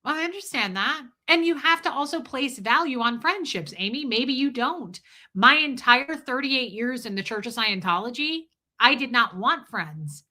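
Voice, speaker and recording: A woman in her forties hosting a casual livestream, chatting bluntly with frequent swearing and animated storytelling. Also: high-pitched, normal speed. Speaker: livestream host.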